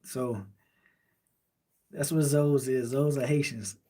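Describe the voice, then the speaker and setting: A man from Miami, Florida chats casually on a late-night stream, reading comments aloud and responding with laid-back rambling in his Miami accent. His voice is mid-range and warm, with a faint hiss or hum in the audio.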